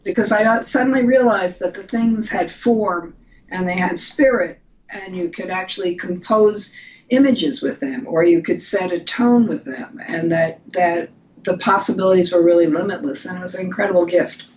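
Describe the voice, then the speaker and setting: A woman's voice: lowish voice, moderate pace, darkish tone, muffled recording. An older woman, a designer from the United States, telling stories casually in an interview, with many restarts. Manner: chatty, anecdotal, frequent restarts. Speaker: guest designer.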